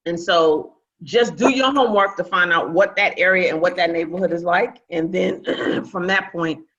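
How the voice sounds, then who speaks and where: A Brooklyn, New York woman hosts a casual online real estate training call, chatty and coaching, often repeating phrases. Her voice is fairly low and fairly bright, at a moderate pace. The video call audio sounds dull and lo-fi.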